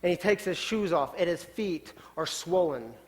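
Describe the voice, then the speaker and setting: A male pastor telling a story in a sermon, swinging from loud, urgent lines down to quiet, hushed ones. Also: high-pitched, animated, moderate pace. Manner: dramatic shifts from loud to hushed. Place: church sanctuary. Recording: long church hall reverb.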